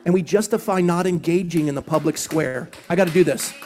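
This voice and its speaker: A man from Scotland, a pastor, preaching at a live event in an animated storytelling way with quick asides. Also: on the high side.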